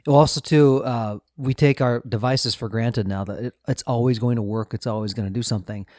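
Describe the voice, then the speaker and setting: A man's voice: medium pitch, steady tone, fairly quick, a little mellow, no echo, clean studio sound. Reflective man hosting a podcast. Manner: reflective, asks guiding questions, laughs lightly. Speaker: podcast host. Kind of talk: casual podcast chat.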